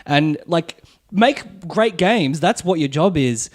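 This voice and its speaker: A man's voice: fairly high pitch, expressive. A man co-hosting a comedy podcast, wry and agreeable in casual chat. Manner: wry, agreeable, quick to laugh along.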